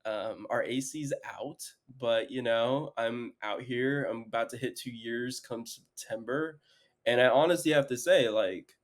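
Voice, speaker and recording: A man's voice: mid-range voice, a little slow. A young man in his twenties, co-hosting a podcast from home, telling stories in a rambling way full of fillers. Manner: rambling, filler-heavy storytelling. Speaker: podcast co-host. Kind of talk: casual chat. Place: home, remote recording.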